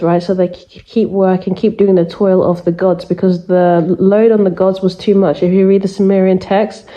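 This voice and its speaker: A woman's voice: medium pitch, highs cut off. A woman giving spiritual messages in a chatty, emphatic monologue full of fillers. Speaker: spiritual reader. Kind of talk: casual monologue to camera.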